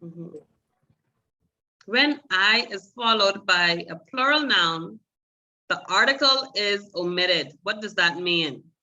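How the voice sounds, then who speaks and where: A woman's voice: medium pitch, expressive, slow, sharp tone, low-quality recording. A woman teaching a beginner Spanish class, explaining patiently step by step and calling on students.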